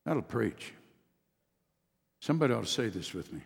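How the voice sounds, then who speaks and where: A man's voice: lowish voice, sing-song, normal speed, gravelly, husky. A man preaching a sermon as pastor, leading his congregation in call-and-response with rising, emphatic delivery. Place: church sanctuary. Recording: long reverb of a church hall.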